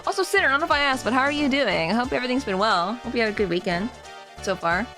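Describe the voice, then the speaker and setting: A woman's voice: on the high side, expressive, rapid-fire, bright, forceful tone, faint music behind. A young woman streamer chatting casually and giggling as she plays a game and reads chat aloud.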